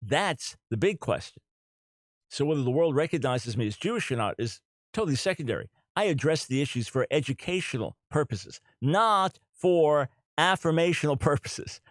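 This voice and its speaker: A man's voice: fairly high pitch, lively intonation, moderate pace, dry recording. A middle-aged man hosting a talk radio show, speaking earnestly and emphatically, repeating his key points.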